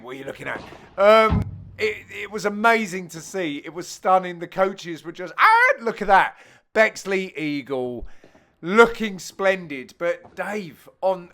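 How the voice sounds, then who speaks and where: A middle-aged man giving a cheeky, joking voice-over on his own amateur padel match, with sudden loud exclamations. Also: high-pitched. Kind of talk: jokey voice-over commentary on match highlights.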